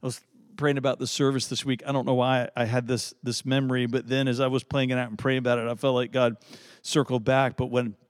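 A man's voice: medium pitch, level tone, fairly quick, clean tone, no room sound, studio quality. A man from preaching a conversational sermon, repeating words and tossing in frequent asides with folksy humor. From Virginia, US South. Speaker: pastor.

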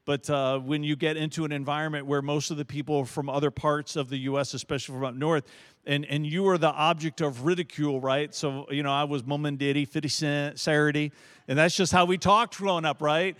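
A man's voice: a little high, steady tone, fairly quick, a bit bright. A middle-aged man from Virginia with a Southern accent, preaching a folksy storytelling sermon as pastor, restarting and repeating words as he goes. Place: church sanctuary. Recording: long reverb of a large church hall.

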